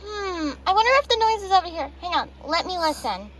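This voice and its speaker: A woman voicing anime schoolgirls at a sleepover in a plush toy video, with excitable, quick back-and-forth chatter. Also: very high voice, heavy background noise. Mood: lively.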